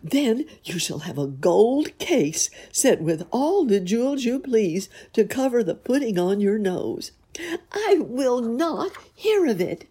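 A woman reading a storybook and voicing a shrill, wailing old peasant wife. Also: sing-song, slow, dark tone, husky, heavily acted. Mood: stubborn. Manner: wailing, indignant.

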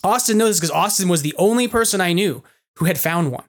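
A man hosting a podcast, telling a long story in an excitable, rambling way and laughing often, talking over a video call. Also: high voice, fast talker. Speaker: podcast host. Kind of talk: casual chat.

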